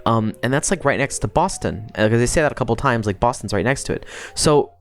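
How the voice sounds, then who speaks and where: A young adult woman rambles through a casual livestream, profane and quick to laugh. Her pitch is lively and jumps around a lot. Quiet music plays faintly behind her. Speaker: streamer.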